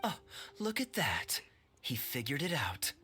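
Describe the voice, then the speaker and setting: A low, husky woman's voice for a sly game schemer, teasing and knowing. Her pitch rises and falls dramatically with every jab. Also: sing-song, a little slow, sharp tone, faint music behind, heavily acted. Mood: mocking. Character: sly, mocking female schemer. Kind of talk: game voice acting.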